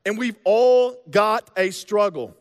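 High-voiced preacher in a reverberant hall. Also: male voice, animated, takes it slowly. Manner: conversational, joking preacher with casual slang. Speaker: pastor. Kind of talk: sermon. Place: church sanctuary. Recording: long reverb of a large hall.

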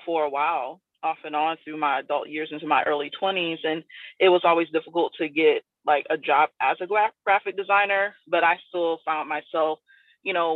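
A woman's voice: sits low, no room sound. A woman from South Florida, a guest artist in a casual interview, talking in a loose, rambling way full of fillers. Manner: loose and rambling, many "like" and "you know" fillers. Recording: dry, tinny phone-like line.

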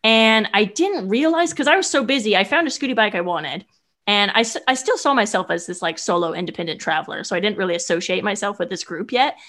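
Young woman guest; animated, filler-heavy storyteller. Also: mid-range voice, quick pace. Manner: animated, chatty, many "like" fillers. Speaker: guest, solo traveler. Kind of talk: casual storytelling.

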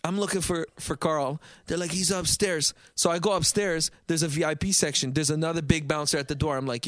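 A man telling a story in casual podcast chat, animated and profane, acting out the voices of the people in it. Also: a little high, a little fast, hardly any pauses, dry recording, studio quality. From Canada. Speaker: guest storyteller.

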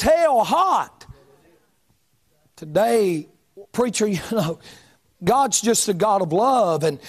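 High-pitched shouting preacher man. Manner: shouting, chanting cadence with many uh fillers. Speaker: pastor. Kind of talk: fiery revival sermon. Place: church sanctuary.

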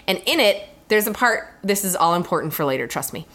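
A young woman co-hosting a podcast, telling a travel story in casual chat, animated and often laughing. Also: on the low side, a little fast. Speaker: podcast co-host.

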